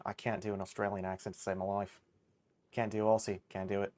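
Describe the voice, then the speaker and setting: A man's voice: fairly low pitch, flat delivery, brisk, a little mellow. A man streaming a game live, chatting casually in a rambling, self-mocking way and swearing freely. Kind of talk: casual gaming livestream chatter.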